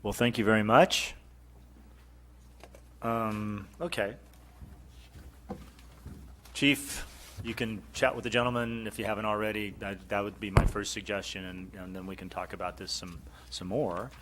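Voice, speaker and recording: Low-voiced man chairing a council meeting. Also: fairly even intonation, a little slow, pauses often, fairly bright tone, a little hiss or hum. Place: council chamber.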